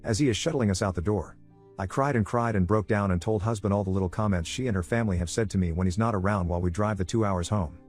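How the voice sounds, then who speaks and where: Male narrator, lowish voice, quick steady read, faint music bed underneath. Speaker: story narrator. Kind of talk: scripted narration of an online story.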